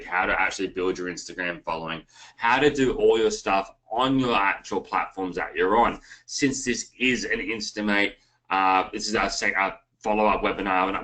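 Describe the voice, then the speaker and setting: A man's voice: lowish voice, bright, forceful tone, poor audio. An Australian man hosting an online marketing webinar, talking casually and calling the viewers guys. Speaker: webinar host.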